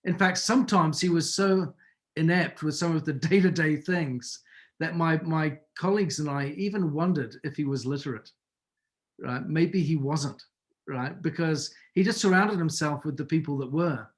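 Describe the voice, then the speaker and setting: A man's voice: a little high, normal speed. A man giving a mentoring talk on a call, telling anecdotes in a conversational way and asking his listeners rhetorical questions. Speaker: business mentor. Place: video or conference call.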